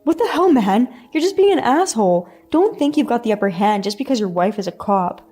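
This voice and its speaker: A woman voicing an abusive grown man who yells insults and threats at his family. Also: mid-range voice, animated, fairly quick, faint music behind, natural voice. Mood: shouting. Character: angry bullying grown man, abusive brother.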